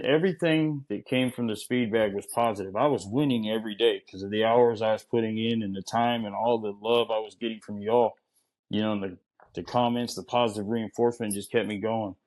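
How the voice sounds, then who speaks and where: A man's voice: lowish voice, fairly even intonation, brisk, a little mellow, rough recording. A man guesting on a podcast in casual chat, talking earnestly and repeating himself with lots of "you know.".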